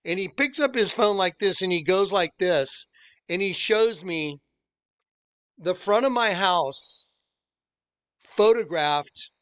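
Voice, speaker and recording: A man's voice: high voice, slow pace, long pauses, clear, resonant tone. A man recounting a personal story to his viewers as an online preacher, earnest and insistent, acting out the people he quotes. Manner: animated storyteller who acts out the people he quotes. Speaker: online preacher and channel host.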